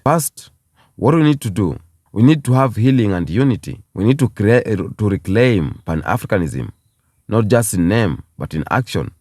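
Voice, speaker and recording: A man delivers an emphatic commentary to camera. His low voice rises and falls with real animation, and he repeats key phrases to drive them home. The sound is dry and close, with no room around it. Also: a little mellow, no room sound. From Kenya. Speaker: YouTube commentator. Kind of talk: impassioned video commentary.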